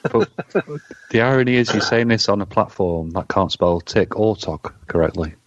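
Very deep-voiced man, dry teasing. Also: expressive, moderate pace. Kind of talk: casual chat. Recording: dull lo-fi recording.

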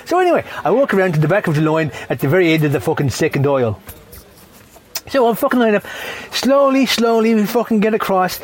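A man's voice: high-pitched, very animated, fast talker. A middle-aged man with an Irish accent, delivering a rambling, profane comedic rant and sounding a little tipsy. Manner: rambling, constantly swearing, tipsy.

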